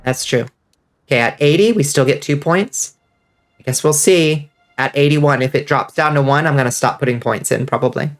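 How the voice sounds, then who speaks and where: A man with a congested, stuffy voice giving casual, excitable commentary while playing a game and reading chat. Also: fairly high pitch, moderate pace, faint music behind. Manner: excitable, swears freely, reads out chat. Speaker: streamer.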